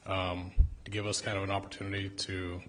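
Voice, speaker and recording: A man's voice: deep voice, completely flat delivery, fairly quick, a bit bright, slight background noise. A man chairing a city council meeting, calling for and closing public comment in brief, procedural phrases.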